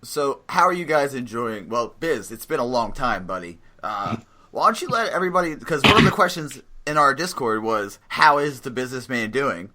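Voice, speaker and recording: A man's voice: mid-range voice, animated, normal speed, pushed and bright. A man hosting a casual podcast, friendly and joking with his guests. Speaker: podcast host.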